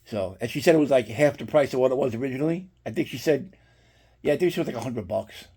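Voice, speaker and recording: Speaking fast in a mid-range voice with a dark, breathy edge, a middle-aged man shows off his horror collectibles. The unboxing chat is casual, and he rambles his way through a profane story.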